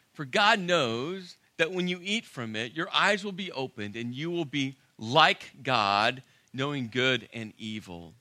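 Delivering a sermon, a male pastor preaches emphatically and with animation, pausing for dramatic effect. His mid-range voice is very bright and forceful, captured in a dry, close recording.

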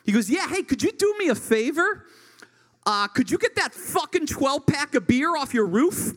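A man's voice: very high-pitched, moderate pace, big-room sound. A man from rural Ohio, in his thirties, telling a stand-up story and acting out the voices of the people in it. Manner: animated, acts out voices in his stories. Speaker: stand-up comedian.

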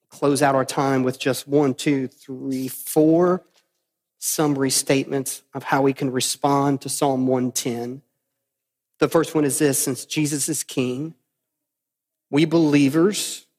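Male pastor, emphatic sermon delivery, somewhat high voice, reverberant sanctuary. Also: darkish tone. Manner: emphatic, repeats phrases for stress.

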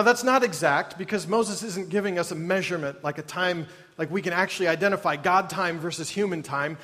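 A man's voice: sits high, fairly bright tone. A man preaching a sermon in a conversational way, with wry asides and mock groans. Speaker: pastor. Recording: long hall reverb.

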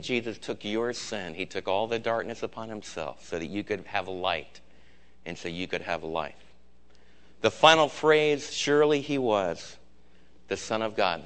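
A man preaches with fervor, his fairly low voice rising to cries and sinking to near hushes. He delivers a sermon as pastor. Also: smooth. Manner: impassioned preaching, swinging between loud cries and hushed low lines.

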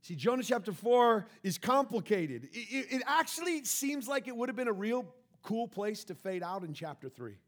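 A man preaching a sermon, reading scripture and acting out the characters, with laughter and sudden loud bursts. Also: high voice, normal speed. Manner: animated, acts out the scripture with shouts and laughter. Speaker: pastor.

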